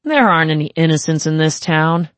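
A narrator doing a smooth, taunting young gang boss. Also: medium pitch, lively intonation, brisk, a bit bright, no echo, lightly acted. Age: 20s. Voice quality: smooth, mocking.

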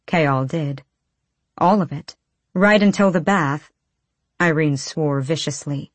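A woman narrating a fantasy audiobook in a measured, low-key storytelling manner. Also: no room sound.

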